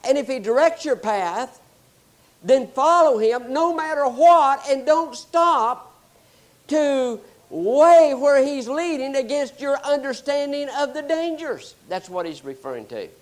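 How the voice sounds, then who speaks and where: Male pastor preaching, lively storytelling voice, pitch swinging up and down a lot. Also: measured pace. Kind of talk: sermon.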